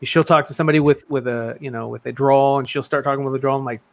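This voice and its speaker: A man co-hosting a casual podcast, talking haltingly with many restarts. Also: mid-range voice, fairly even intonation, gravelly. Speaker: podcast co-host. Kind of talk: casual chat.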